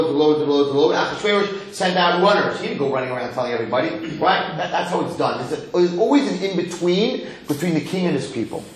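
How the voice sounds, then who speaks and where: A man giving a lively Torah lecture as a rabbi, acting out quotes and repeating himself as he talks. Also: mid-range voice. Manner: animated, acts out quotes, repeats words. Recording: echoey hall with faint noise.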